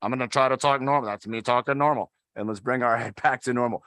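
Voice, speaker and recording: A man's voice: medium pitch, fairly even intonation, fast talker, a bit bright, dry recording. A man instructing an adaptive fitness class, talking in an upbeat, encouraging way and counting down the holds. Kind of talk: guided workout instruction.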